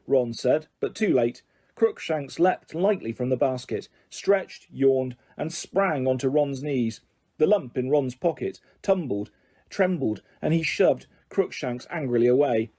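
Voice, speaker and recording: A man narrating an audiobook in a steady storytelling manner, with occasional small slips. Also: medium pitch, unhurried.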